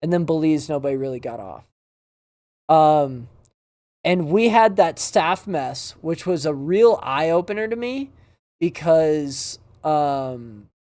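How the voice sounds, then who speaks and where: Animated man telling a story. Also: a little high, a little slow, long pauses. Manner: animated storyteller, acts out quoted voices. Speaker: podcast co-host. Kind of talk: casual chat.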